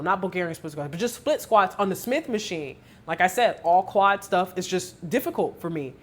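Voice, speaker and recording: A woman fitness coach giving a candid vlog recap, telling her story in an emotional, expressive way with lots of fillers. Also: medium pitch.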